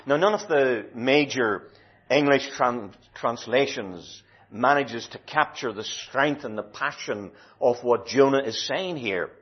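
A man preaching a sermon in a slow, deliberate and emphatic way, stretching key words. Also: mid-range voice, breathy edge. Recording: dull lo-fi recording.

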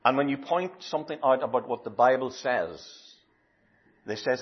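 A man preaching a sermon in a slow, deliberate and emphatic way, stretching key words. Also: medium pitch, animated, slightly rough. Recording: dull lo-fi recording.

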